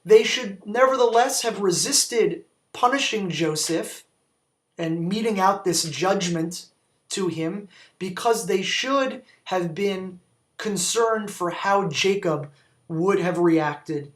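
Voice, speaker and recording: Speaking slowly in a high-pitched voice, a rabbi teaches Torah, reading Hebrew quotations aloud. He explains them in English and asks his listeners questions.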